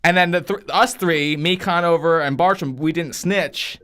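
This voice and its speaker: Guy in his 30s, pretty high voice, swears a lot, tells wild stories and acts out the quotes. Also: moderate pace. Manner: profane, animated storytelling with acted-out quotes. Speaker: podcast host. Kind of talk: casual storytelling chat.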